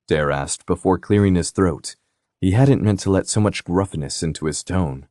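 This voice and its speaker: A man narrating a romantic suspense audiobook in a steady, even reading. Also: low voice, normal speed, no echo, clean studio sound. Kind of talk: scripted narration.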